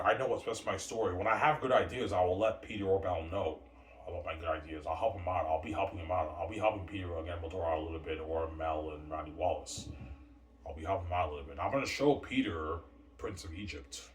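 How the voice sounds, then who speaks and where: A man's voice: deep voice, quick pace, a little hiss or hum. A man talking in a boastful, rambling monologue, peppered with "man" and "yeah". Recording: roomy distant mic with faint ambience.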